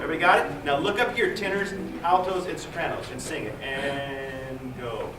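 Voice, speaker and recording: A man's voice: fairly high pitch, normal speed, hardly any pauses, far from the mic, very noisy. A man directing a choir rehearsal, counting in beats and coaching with jokey asides. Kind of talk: rehearsal instruction. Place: large rehearsal room. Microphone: distant room mic. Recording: echoey room recorded from afar with choir. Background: choir singing.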